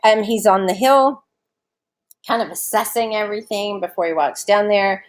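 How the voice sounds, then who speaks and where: A woman's voice: mid-range voice, moderate pace. A woman teacher giving a recorded online lesson from home, explaining a short story in a casual, chatty way with fillers.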